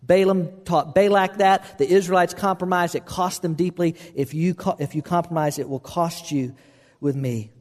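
Male pastor preaching, earnest, slightly high voice, long reverb in a big hall. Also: fairly even intonation, moderate pace, a little mellow. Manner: earnest, repetitive, restarts phrases for emphasis. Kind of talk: sermon.

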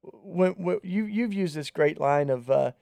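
A man's voice: fairly high pitch, unhurried, gravelly, dark tone, dry recording. A man co-hosting a podcast, talking earnestly and conversationally in a casual faith discussion. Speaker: podcast co-host.

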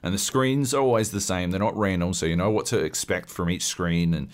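A man's voice: deep voice, fairly quick. A man co-hosting a podcast in casual chat, rambling and swearing, full of fillers and restarts. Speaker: podcast co-host. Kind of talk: casual chat about games.

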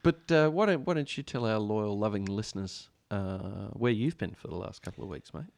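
A man co-hosting a casual comedy podcast, ribbing his partner in a deadpan way. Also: lowish voice, fairly quick, gravelly, no room sound. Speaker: podcast co-host.

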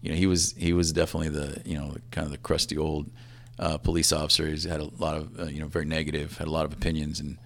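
A police assistant chief in his fifties tells a personal story in a halting, reflective way, often trailing off quietly. His voice is extremely low in pitch and his delivery is flat.

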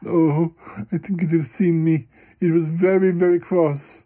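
A man's voice: fairly high pitch, level tone, a little slow, close to an everyday voice. A man voicing a timid, fretful male character who frets anxiously and keeps saying oh dear. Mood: shaken. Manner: anxious, dithering, lots of "oh dear". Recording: roomy, dull sound with loud noise.

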